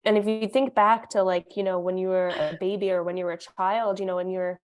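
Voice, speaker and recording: A woman's voice: lowish voice, steady tone, a little fast. A woman guest on a podcast, explaining her ideas thoughtfully in casual conversation.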